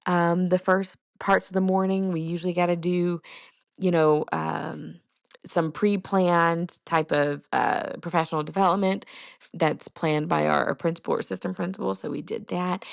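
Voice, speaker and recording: Brief casual podcast host, young woman, fry-heavy low-ish voice, dry close sound. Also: no echo. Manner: chatty storytelling with fillers. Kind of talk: casual chat.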